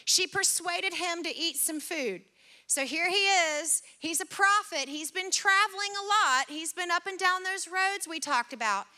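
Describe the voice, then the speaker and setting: A woman's voice: very high-pitched, unhurried, sharp tone. A woman preaching a sermon in an earnest, conversational way, retelling scripture in her own words.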